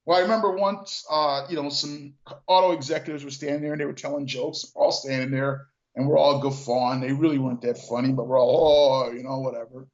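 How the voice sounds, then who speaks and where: An older man and former car dealer telling stories in a relaxed, reflective way, repeating words and using lots of fillers. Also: mid-range voice, a little fast, hardly any pauses. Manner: reflective, restarts and repeats words, many "you know" fillers. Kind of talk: casual storytelling conversation. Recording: echoey, dull lo-fi sound.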